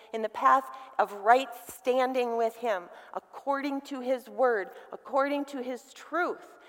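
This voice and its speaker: A middle-aged woman delivering a sermon to women, emphatic and calling on her listeners to repeat key words. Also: a little high. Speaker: women's ministry speaker. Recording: long reverb from a hall.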